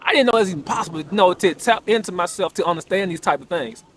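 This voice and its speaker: A man's voice: sits high, fast, a bit bright, a little hiss or hum. A young man earnestly telling a personal story, reflective, restarting often, sometimes rising sharply as he relives his disbelief. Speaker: podcaster sharing personal story.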